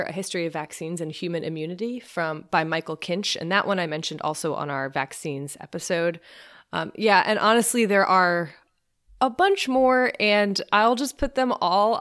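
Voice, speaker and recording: A woman's voice: fairly low pitch, fairly bright tone. A woman co-hosting a podcast, chatting casually, bubbly and laughing often. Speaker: podcast co-host.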